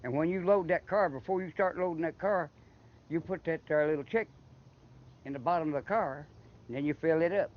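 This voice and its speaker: A man's voice: on the high side, fairly quick. An older man with an Appalachian accent, telling long rambling stories and often restarting his words. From Eastern Kentucky. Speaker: interviewee. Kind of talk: casual storytelling. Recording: slightly muffled with faint background noise.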